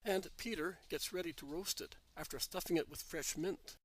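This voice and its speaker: Male audiobook narrator, measured and even, slightly high pitch, dry sound. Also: no echo, rough recording. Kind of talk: scripted narration.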